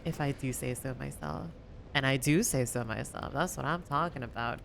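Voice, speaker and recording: A young woman chatting casually while streaming a game, rambling with lots of fillers and sometimes lifting her voice higher on purpose. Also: moderate pace, creaky, slight background noise. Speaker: gaming streamer. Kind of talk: casual gameplay commentary.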